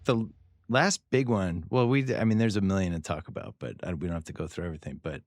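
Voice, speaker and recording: A man's voice: sits low, fast, no echo. A middle-aged man from Boston hosting a podcast, chatty and jokey, cutting in often. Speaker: podcast host. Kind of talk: casual interview chat.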